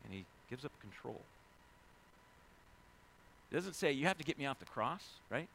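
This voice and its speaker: A man preaching a sermon, reading scripture quietly and then rising into loud, emphatic preaching. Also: mid-range voice, very animated, moderate pace, gravelly, background noise. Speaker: pastor.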